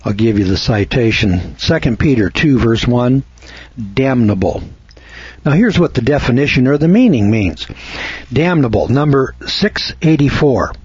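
Slow, husky-voiced American man lecturing. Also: mid-range voice, expressive, a little mellow, no echo, highs cut off. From United States. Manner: slow, deliberate, spells words out letter by letter; preachy, cites scripture references. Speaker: commentator. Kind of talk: opinionated monologue.

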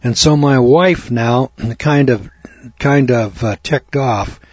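Older guy rambling a folksy story, husky voice, dry muffled sound. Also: mid-range voice, takes it slowly, no room sound. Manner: folksy storytelling with frequent fillers and throat clearing. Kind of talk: rambling spoken monologue.

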